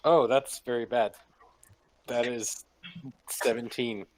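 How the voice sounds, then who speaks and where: A man's voice: medium pitch, slow pace, a little hiss or hum. A man playing in a tabletop game, chatting casually and joking with the table. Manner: joking, relaxed banter. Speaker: player.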